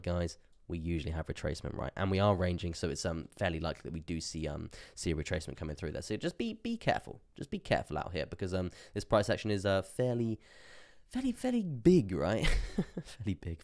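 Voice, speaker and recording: A young man hosting a crypto livestream, chatting casually about charts, laughing often and repeating himself as he reads the chat. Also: low-pitched. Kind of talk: casual live market commentary.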